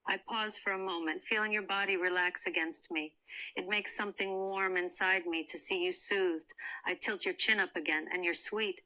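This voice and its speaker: A woman voicing a cold, proud woman who softly comforts a crying friend in a first-person comfort role-play. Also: lowish voice, fairly even intonation, low-quality recording. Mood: tender. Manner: soft, slow, soothing.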